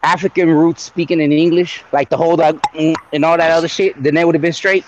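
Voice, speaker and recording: High-voiced man pressing questions. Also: fairly even intonation, fast talker, lo-fi sound, background noise. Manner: probing, keeps pressing questions. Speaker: podcast co-host. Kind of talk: casual gaming chat.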